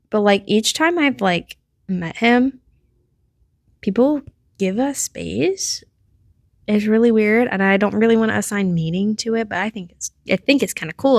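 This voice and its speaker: A woman's voice: medium pitch, no echo, studio quality. A woman in her thirties hosting her own podcast in a casual, rambling chat, filling her talk with "like". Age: 30s. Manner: chatty and rambling, heavy use of "like". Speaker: podcast host.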